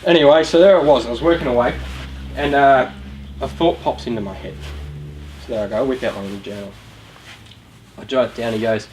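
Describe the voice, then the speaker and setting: A young Australian man from a youth charity gives a chatty motivational talk to a young live audience in a room, asking them questions. His mid-range, darkish voice moves fairly quickly with long pauses, and the low-quality recording carries a little hiss or hum.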